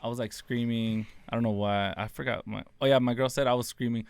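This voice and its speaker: A man's voice: medium pitch, fairly even intonation, quick pace, gravelly, smooth. A man in his thirties co-hosting a podcast in casual chat, laughing at himself. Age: 30s. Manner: laughing, self-mocking. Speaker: podcast co-host.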